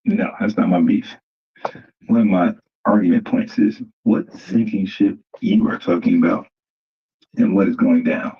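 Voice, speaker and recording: A man hosts a casual livestream and mocks the clip he is reacting to as he turns to his viewers. His voice is low and husky. The audio is a bit dull and muffled. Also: fairly even intonation, a little slow. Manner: mocking, talks straight to viewers as "family". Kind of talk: casual live commentary.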